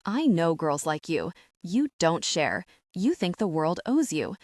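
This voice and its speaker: A woman voicing a smug, scheming woman who speaks slowly and mockingly in an audiobook. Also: fairly low pitch, very animated, a little mellow, no echo, clean studio sound. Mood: cold. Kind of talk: audiobook narration.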